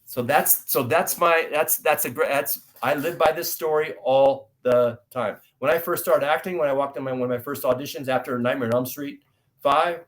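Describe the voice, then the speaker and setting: A middle-aged man from the United States, an actor guest telling stories in an interview and acting out dialogue loudly. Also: mid-range voice, normal speed. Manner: animated storyteller, acts out dialogue loudly. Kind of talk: storytelling interview talk.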